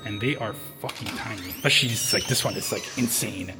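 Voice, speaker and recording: A man's voice: lowish voice, a little fast, over loud music. A young man chatting casually to a handheld camera as a travel vlogger, swearing often and rambling through his stories. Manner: profane, rambling storyteller.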